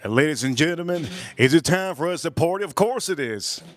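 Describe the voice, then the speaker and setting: Hyped man shouting out his live chat. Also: fairly high pitch, lively intonation, a little fast. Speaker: livestream host. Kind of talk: casual live-stream chat. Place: outdoors at a barbecue.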